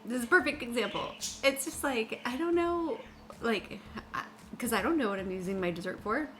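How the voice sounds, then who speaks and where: A middle-aged woman hosts a baking podcast from her kitchen, chatting casually while she bakes, giggling often and rambling with many fillers. Her voice is fairly high, animated, brisk, and fairly bright, with slight background noise.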